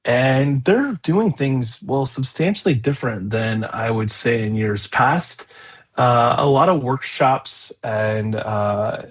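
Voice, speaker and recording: A man hosting a podcast, talking in a chatty, rambling way with many fillers. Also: mid-range voice. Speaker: podcast host. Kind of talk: casual conversational podcast.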